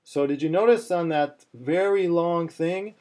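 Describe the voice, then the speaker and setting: A man's voice: on the high side, a little slow, a little mellow. A man teaching a chanting lesson, explaining step by step with many fillers and restarts, now and then breaking into chant. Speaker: cantillation teacher.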